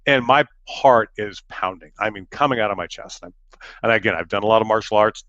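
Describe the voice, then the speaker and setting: A man's voice: on the low side, brisk, a bit bright, no room sound, highs cut off. A middle-aged man giving an education webinar talk, a chatty storyteller with self-deprecating humor and frequent fillers. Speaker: education presenter. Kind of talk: webinar talk with personal anecdotes.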